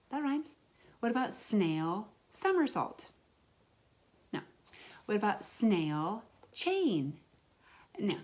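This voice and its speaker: A woman teaching a remote lesson to young children as their kindergarten teacher, drawing out words in a sing-song way. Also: mid-range voice.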